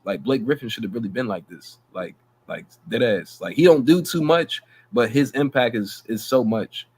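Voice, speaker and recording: A man co-hosting a basketball podcast, talking in animated casual slang and laughing often. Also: medium pitch, normal speed, slightly rough. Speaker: podcast co-host. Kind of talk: casual sports chat.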